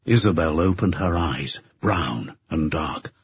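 A man reading a novel aloud as a narrator, in a slow, measured way. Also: very deep voice, lively intonation, no echo. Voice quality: husky. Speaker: audiobook narrator. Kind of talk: scripted narration. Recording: dull lo-fi recording.

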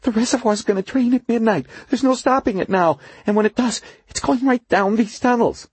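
A man voicing a terrified, gasping middle-aged engineer who talks in a shrill, frantic rush. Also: fairly quick, darkish tone, breathy edge, no room sound, heavily acted.

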